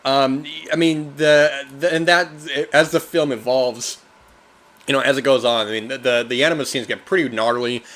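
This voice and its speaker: A man hosting a film podcast, reviewing in a loose, rambling casual talk, often tossing in "man" and getting animated when he mimics reactions. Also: mid-range voice, normal speed.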